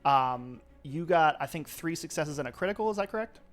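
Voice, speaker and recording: A man's voice: a little high, lively intonation, a little fast. A man narrating as game master of a live tabletop role-playing game, talking loosely with many fillers.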